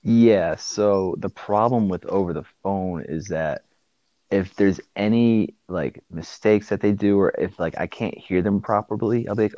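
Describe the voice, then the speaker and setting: A man's voice: lowish voice, measured pace, warm tone, dry recording, highs cut off. A man telling stories in a casual chat, acting out quotes from customers. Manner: storytelling with acted-out quotes. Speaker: guest co-host.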